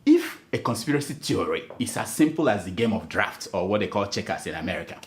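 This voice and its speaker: A man's voice: lowish voice, sing-song, quick pace. A man hosting a satirical late-night comedy show, laughing and mock-pompous as he talks.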